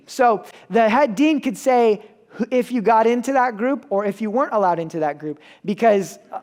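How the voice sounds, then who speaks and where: A young man giving a sermon, telling a story casually with self-mocking asides. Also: sits high. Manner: casual and self-mocking, acts out the people in his stories. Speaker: preacher.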